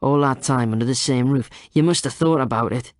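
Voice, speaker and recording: A man's voice: mid-range voice, a little fast, no echo, studio quality, lightly acted. A man voicing a male police detective who interrogates a suspect, needling and accusing in turn. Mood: coaxing. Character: male police detective, coaxing then menacing.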